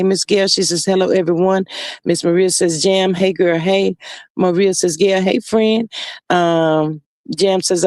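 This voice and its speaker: High-voiced sassy man live-streaming. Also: darkish tone, dry recording. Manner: sassy, drawn-out, calls viewers honey and child. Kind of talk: casual live-stream chat, reading comments aloud. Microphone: phone.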